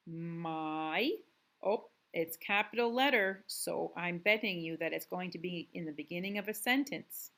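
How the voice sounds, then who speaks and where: Slow, patient woman teaching young kids. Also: on the low side, a bit bright. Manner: slow, deliberate reading with drawn-out words; patient, encouraging classroom tone. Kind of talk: recorded remote lesson for young students.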